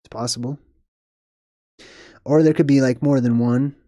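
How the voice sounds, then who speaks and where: A man's voice: medium pitch, steady tone, normal speed, mellow, no room sound, clean studio sound. A young man hosting a live stream, chatting casually and rambling as he reads out viewer comments. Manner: rambling, chatty, laughs at himself.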